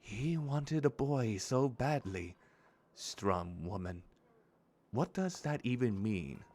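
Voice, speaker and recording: A man voicing a grieving, guarded young warrior woman in a fantasy game, read in a quiet, measured way. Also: mid-range voice, expressive.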